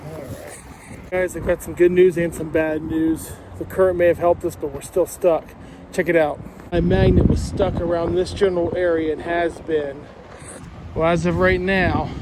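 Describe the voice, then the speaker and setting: Outdoor vlogger, male, excitable, chatty with viewers, slightly high voice; handheld mic, traffic noise behind. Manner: excitable, exclaims and talks to viewers as "you guys". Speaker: magnet fishing vlogger. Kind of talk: casual vlog talk to camera. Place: outdoors by flooded water in a park. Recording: outdoor noise with passing cars.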